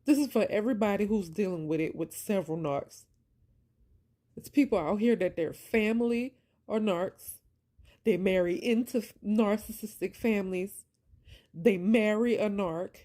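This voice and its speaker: A vlogger with a mellow, mid-range voice talks at a moderate pace, sharing her story of faith and enduring abuse with real passion. She uses a preacher's style, circling back to points for emphasis and saying "y'all" to listeners. It's a heartfelt faith-based monologue, her voice thinning as tears threaten.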